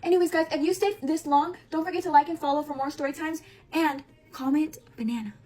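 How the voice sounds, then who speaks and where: Fast-talking high-voiced young woman. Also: steady tone, dark tone. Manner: rambling, filler-heavy, swears casually. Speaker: storytime creator. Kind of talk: casual storytime monologue.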